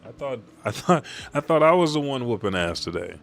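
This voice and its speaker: A man's voice: medium pitch, very animated, fairly quick, creaky, fairly bright tone, voice pushed up. A man voicing a cold, imperious ancient ruler who speaks in old-fashioned words. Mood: haughty. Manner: haughty, old-fashioned speech.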